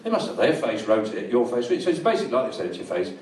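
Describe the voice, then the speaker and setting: A middle-aged man from England doing a live stand-up set, rambling and deadpan, in a small comedy venue. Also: mid-range voice, rapid-fire, background noise. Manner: dry, rambling, deadpan with crowd laughter. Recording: roomy live venue, distant mic.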